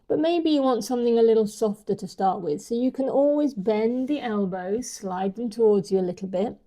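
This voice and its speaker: Mellow-voiced gentle yoga teacher woman. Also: on the high side. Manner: slow, gentle and soothing. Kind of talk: guided yoga instruction.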